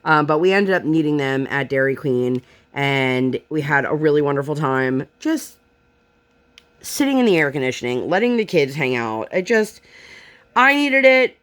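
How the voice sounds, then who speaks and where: A woman's voice: low-pitched, big pitch swings, normal speed. A young woman, a mother from Pennsylvania, chatting casually about her day, retelling it with frustration and lots of fillers. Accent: Pennsylvania American. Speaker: vlogger and mother. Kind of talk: casual storytelling chat while crafting. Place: home craft table.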